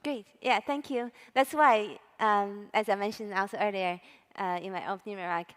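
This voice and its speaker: A woman's voice: mid-range voice, steady tone, moderate pace, clean tone. A woman moderating a conference panel, polite and a little hesitant, using fillers. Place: large conference hall. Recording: long hall reverb.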